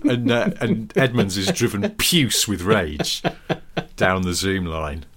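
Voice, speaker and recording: A man co-hosting a podcast with a low voice that swings widely in pitch. He banters playfully and builds on running jokes in relaxed chat. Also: takes it slowly, noisy background. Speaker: podcast co-host. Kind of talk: casual chat.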